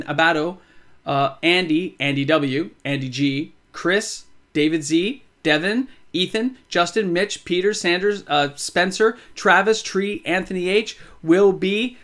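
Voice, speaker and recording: A man's voice: fairly high pitch, a bit bright. A man talking to his viewers in a casual, upbeat vlog style. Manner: upbeat, rattles off a long list of names. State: out of breath. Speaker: YouTuber. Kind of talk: casual vlog talk to camera.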